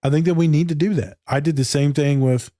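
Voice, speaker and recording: A man's voice: on the high side, brisk, mellow, no room sound, clean studio sound. A man in casual podcast chat, loose and candid, swearing freely and acting out conversations. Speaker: podcast co-host.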